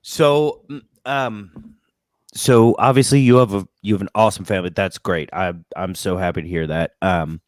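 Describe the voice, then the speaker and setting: A man's voice: low-pitched, fairly even intonation, normal speed, no room sound. Dry, rambling podcast host man. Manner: rambling, profane, many restarts. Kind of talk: casual podcast interview.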